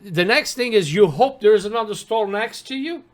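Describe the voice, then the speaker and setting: Lively man with a higher, bouncy voice. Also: moderate pace. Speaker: podcast co-host. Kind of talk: casual chat.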